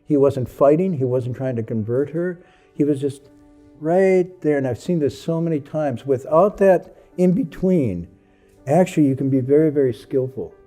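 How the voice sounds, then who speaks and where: A male Buddhist monk tells a story with a lively voice that rises and falls a lot. His pitch sits a little high for a man. He acts out the people he talks about as he goes. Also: moderate pace, soft background music. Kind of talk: storytelling talk.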